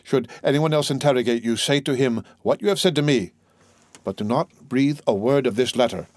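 A man doing a stern magistrate in an audiobook, measured and formal. The voice sits in a middle range and keeps a stiff, controlled manner. It is read close and dry, with no room around it. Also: medium pitch, darkish tone, no room sound, natural voice. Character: anxious stern male magistrate. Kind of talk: audiobook character voice.

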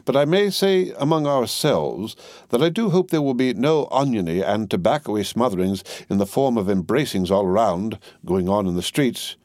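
A man's voice: fairly low pitch, lively intonation, moderate pace, darkish tone, no echo, clean studio sound, natural voice. A man reading an audiobook, voicing a brusque, fiercely patriotic middle-aged Englishwoman with a fussy, emphatic manner. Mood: brisk, emphatic. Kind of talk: audiobook character voice.

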